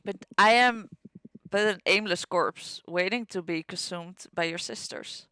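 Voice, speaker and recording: A woman's voice: lowish voice, sharp tone, smooth, no echo, clean studio sound. Woman reading as an old dead witch elder. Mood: solemn. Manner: formal, measured speech. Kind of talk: reading game dialogue aloud.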